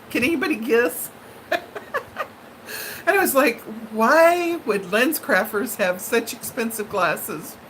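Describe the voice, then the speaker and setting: Slow, animated woman telling a story. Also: high voice, slight background noise, low-quality recording. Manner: dramatic, animated and laughing often. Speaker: live-stream host. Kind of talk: chatty storytelling to viewers.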